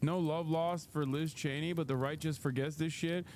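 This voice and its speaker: A man's voice: on the high side, steady tone, normal speed, a little mellow, a little hiss or hum. A man hosting a livestream, giving casual commentary in a heated, profane rant, often laughing. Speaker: livestream host.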